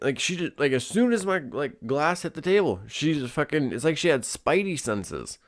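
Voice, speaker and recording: A man's voice: a little high, big pitch swings, moderate pace. A young man hosting a casual solo show, rambling with lots of fillers and swearing. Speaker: podcast host.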